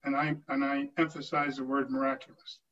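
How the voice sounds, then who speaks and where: A man's voice: mid-range voice, level tone, brisk, fairly bright tone. An older man speaking earnestly at a town hall meeting, often restarting his sentences. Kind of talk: informal address to a meeting. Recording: distant muffled lo-fi recording.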